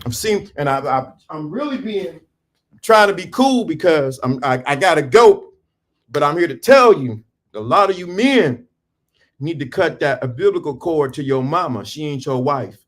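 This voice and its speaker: A man's voice: a little high, animated. Emphatic preachy man on a livestream. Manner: preachy, emphatic, addresses viewers directly; talks while dressing, halting restarts. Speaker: livestream host. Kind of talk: casual motivational livestream talk. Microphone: phone or camera on a stand.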